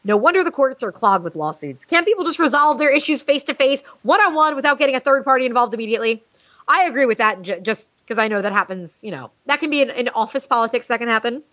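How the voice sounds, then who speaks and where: A woman's voice: on the high side, lively intonation, fast, a bit bright, no echo. A woman co-hosting a casual podcast, reading a listener email aloud with sarcasm and swearing. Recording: dull lo-fi sound, dry.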